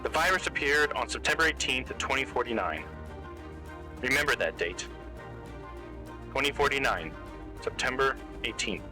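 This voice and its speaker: A man's voice: mid-range voice, expressive, moderate pace, long pauses, over music, pitched above the performer's own voice, close to an everyday voice. A man voicing a young woman from the future who speaks urgently through a taxi radio, in a put-on radio-style voice. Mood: rehearsed.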